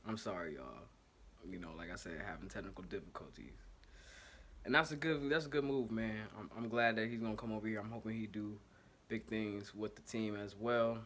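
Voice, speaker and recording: Ohio-accented male host, low-leaning, bright edge, slangy, one-take fan talk, casual and rambling. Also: fairly quick. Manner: loose, slangy, self-correcting and apologetic about technical trouble. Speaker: sports podcast host. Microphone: home setup, single take.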